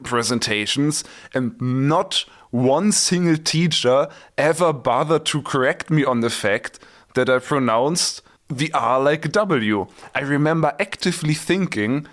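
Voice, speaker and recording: A man's voice: mid-range voice, fairly bright tone. Man chatting casually, laughing at himself. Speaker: podcast co-host. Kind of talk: casual chat.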